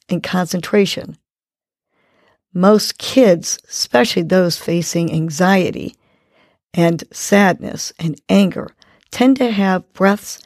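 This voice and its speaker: Slow, calm woman guiding breathing. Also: lowish voice, no room sound, studio quality. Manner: calm, slow, encouraging instruction. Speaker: host of a morning mindfulness segment. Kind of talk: guided breathing lesson for kids.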